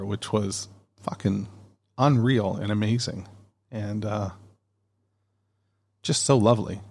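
Gravelly low-voiced man hosting a podcast. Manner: chatty, rambling, with frequent ums and self-corrections. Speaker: podcast host. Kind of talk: casual podcast chat reading listener emails. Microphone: dynamic studio mic. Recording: home podcast recording.

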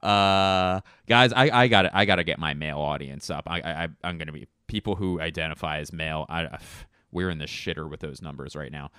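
A man's voice: rumbling low, steady tone, a little fast, few pauses, pushed and bright, clean tone, no room sound, clean studio sound. A man hosting a casual solo podcast, rambling and joking with plenty of swearing. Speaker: podcast host.

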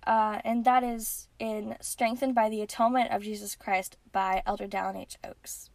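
A woman's voice: medium pitch, level tone, moderate pace, vocal fry, few pauses, darkish tone, no room sound. A woman hosting a podcast and giving a casual religious lesson in an earnest way, with frequent ums and restarts. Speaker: podcast host.

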